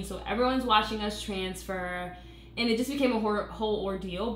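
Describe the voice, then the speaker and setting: A woman's voice: mid-range voice, roomy sound, a little hiss or hum. Chatty young woman, slight country accent. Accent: Southern US country. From Virginia, USA. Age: 20s. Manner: chatty, laughs often, trails off mid-sentence. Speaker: co-host of a couple's channel. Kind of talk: casual live Q&A chat.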